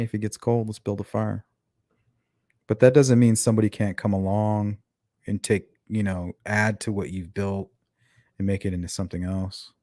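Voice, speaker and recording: Male streamer host, low mellow voice, dry close mic, chatty and rambling. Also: dry recording. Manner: rambling, chatty, answers viewer chat. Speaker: livestream host. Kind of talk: casual livestream talk.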